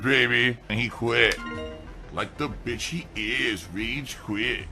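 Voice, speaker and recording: A man's voice: medium pitch, slow, creaky, pushed and bright. A man hosting a reaction commentary show, mocking and sarcastic, swearing freely over faint music. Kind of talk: reaction commentary on stream clips.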